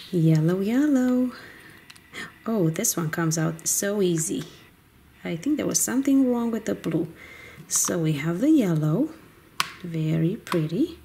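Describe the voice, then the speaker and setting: Slow sing-song woman for kids. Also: mid-range voice, dark tone, a little hiss or hum. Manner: slow, sing-song, speaking to young children. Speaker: host of a kids' toy video. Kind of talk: children's play narration.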